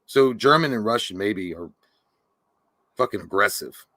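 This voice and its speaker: A young man co-hosting a live talk show, joking crudely and stumbling through fillers and restarts. His voice is bright and forceful. The recording is dry and close. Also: lowish voice, expressive, unhurried, no room sound. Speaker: podcast co-host. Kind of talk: casual live-show chat.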